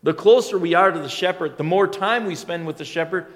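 A man's voice: sits high, brisk, a bit bright, long reverb tail. A male pastor preaching a sermon in a conversational, storytelling way that now and then swells into emphatic lines.

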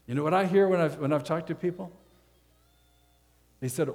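In a reverberant hall, a pastor preaches a sermon in a voice on the high side, expressive and darkish in tone. He talks fast and pauses often, keeping it conversational and full of rhetorical questions.

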